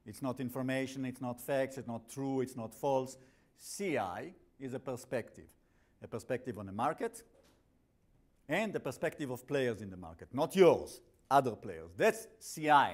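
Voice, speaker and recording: Guy teaching a class, accented english, blunt and jokey, lots of restarts, mid pitch. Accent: non-native English. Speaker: instructor. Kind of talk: classroom lecture.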